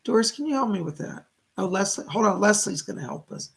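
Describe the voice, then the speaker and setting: A man's voice: high-pitched, animated, fairly quick, creaky, slightly rough. A middle-aged man hosting a live stream of psychic readings, gushing as he thanks viewers by name. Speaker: psychic medium host.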